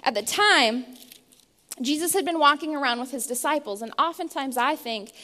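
A woman's voice: high-pitched, animated, moderate pace, bright, forceful tone. A young woman preaching a sermon and praying, earnest and storytelling, often restarting her words, heard in a church sanctuary. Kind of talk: sermon with opening prayer. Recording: long hall reverb.

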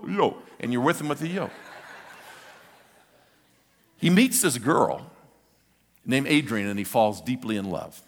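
An older male pastor preaches in an animated, storytelling way, doubling back on words to drive a point home. His voice sits at an ordinary middle pitch for a man. A long reverb trails each phrase, as in a large hall. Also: unhurried, long pauses. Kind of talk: sermon.

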